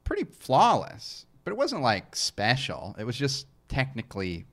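A man co-hosting a podcast, chatting casually with many pauses and fillers. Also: mid-range voice. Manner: relaxed, hesitant with many fillers. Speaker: podcast co-host and musician. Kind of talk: casual chat.

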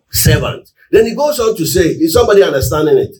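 A male pastor delivers a call-and-response sermon in a fairly high voice that rises and falls widely. He builds to loud, emphatic peaks. He is picked up from a distance in a reverberant church room. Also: very animated, a little fast. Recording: echoey room, mic at a distance.

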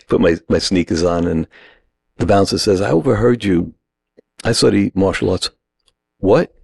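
A middle-aged man tells a story with plenty of energy and acts out every quoted line. His voice sits very low and has a gravelly edge. The sound is dry and close, with no room echo. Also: normal speed. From New York. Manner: animated anecdote-teller, acts out quoted lines. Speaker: guest. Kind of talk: casual storytelling.

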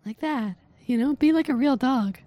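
High, mellow-voiced woman teasing a caller. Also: moderate pace, no echo. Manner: teasing, bossy, mock-seductive. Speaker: prank caller, podcast host. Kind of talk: comedic prank phone call.

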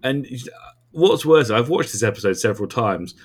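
A man co-hosting a podcast, recounting an episode in casual chat with animated, emphatic delivery and frequent restarts. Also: mid-range voice, moderate pace, breathy edge. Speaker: podcast co-host.

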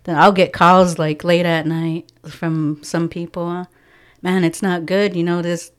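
Low, smooth-voiced woman telling a story. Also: unhurried. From from a First Nations reserve community. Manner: animated storyteller acting out dialogue, laughing often. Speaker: guest, community outreach organizer. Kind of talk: casual storytelling on a podcast.

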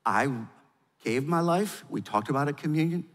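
A man's voice: fairly high pitch, animated, normal speed. Older male pastor preaching in a reverberant hall. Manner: emphatic preaching, swings from loud urgency to quiet gravity. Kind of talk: sermon.

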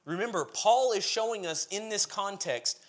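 A man's voice: sits high, lively intonation, normal speed. A man preaching a sermon, reading scripture aloud and then explaining it in an earnest, emphatic way, building his points as lists.

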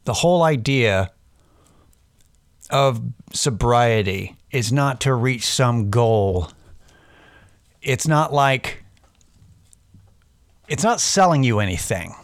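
A man's voice: medium pitch, animated, takes it slowly, long pauses, dry recording. A man talks straight into a close mic in a dry, dead room. He speaks in a middle register, rambling and self-deprecating, swearing freely as he wanders off topic and back while coaching listeners through a sobriety pep talk. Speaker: podcast host.

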